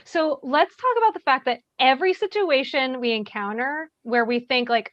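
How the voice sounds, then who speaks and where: A woman calmly explaining how to handle tense situations, often checking in with "right?". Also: high-pitched, moderate pace, hardly any pauses, no echo. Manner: calm, explanatory, many "right?" tags. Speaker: bystander intervention trainer. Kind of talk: workshop discussion, answering questions. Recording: dry, dull lo-fi sound.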